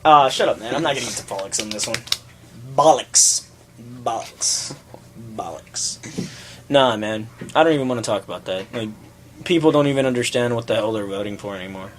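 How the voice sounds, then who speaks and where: A young man co-hosting a casual, crude chat show, animated and laughing, jumping between topics. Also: medium pitch, quick pace, slight background noise. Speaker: podcast co-host.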